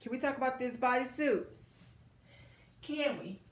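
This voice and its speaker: A woman's voice: sits high, moderate pace. A middle-aged woman, chatting casually and laughing through a clothing try-on haul, calling viewers girl and y'all. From United States. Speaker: fashion vlogger. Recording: echoey room.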